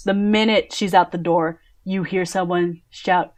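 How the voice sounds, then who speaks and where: A woman's voice: fairly low pitch, steady tone, a little slow, a little hiss or hum. A woman running a tabletop game as game master, narrating scenes in a casual, descriptive way with many fillers.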